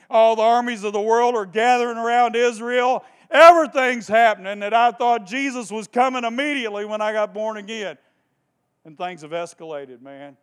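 A man preaching a sermon with passion, repeating phrases for emphasis and swinging between hushed tones and shouting. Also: high-pitched, clear, resonant tone.

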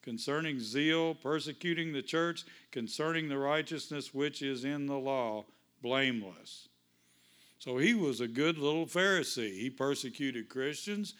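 A man's voice: medium pitch, a little slow, a bit bright. A male pastor preaching a fervent sermon in church, praying and reading scripture with call-and-response to the congregation.

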